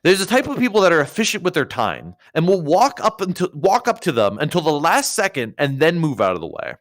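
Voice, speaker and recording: A man's voice: a little high, huge pitch swings, fairly quick. A young man co-hosting a casual stream, joking and rambling with many restarts. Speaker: streamer co-host.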